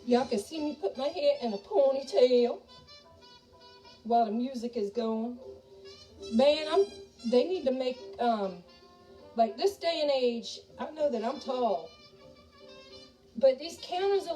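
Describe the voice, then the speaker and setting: A woman's voice: high-pitched, animated, measured pace, long pauses, warm tone. A woman chatting folksily to viewers as she cooks soup in her home kitchen. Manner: folksy, talks to viewers as y'all. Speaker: home cook and ghost tour guide. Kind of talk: chatty cooking video. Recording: distant mic, music playing behind.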